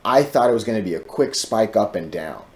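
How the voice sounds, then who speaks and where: A man with a somewhat low voice talks through stock charts in a casual commentary style. He is emphatic and repeats key points, breaking in with "listen" and checking in with "right?" as he goes. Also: lively intonation, fairly quick. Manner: emphatic and repetitive, often saying "listen" and "right?". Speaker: stock chart analyst host. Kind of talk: casual market commentary to viewers.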